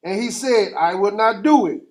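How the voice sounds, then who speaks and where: A man with a high voice for a man reads scripture aloud in a Bible class. His reading is steady and formal, and he takes the old-fashioned wording verse by verse. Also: normal speed. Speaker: scripture reader.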